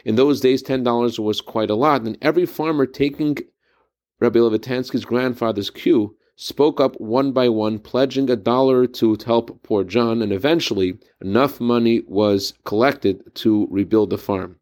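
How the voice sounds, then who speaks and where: A man's voice: mid-range voice, moderate pace, a little mellow. A man giving a short Torah talk, telling a story in an earnest, reflective way. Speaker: Torah teacher.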